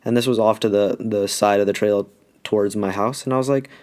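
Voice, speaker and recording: A man's voice: lowish voice, fairly even intonation, fairly quick, a little mellow. Slangy young man telling a story. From Alaska. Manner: slangy, rambling, full of "like". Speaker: YouTuber telling a life story. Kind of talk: casual storytelling.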